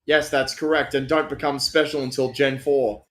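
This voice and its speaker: A man's voice: medium pitch, little pitch movement, fairly bright tone. A man co-hosting a movie-riffing stream, chatty and full of trivia. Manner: chatty, knowing, quick to add trivia. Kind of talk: casual movie-riffing chat.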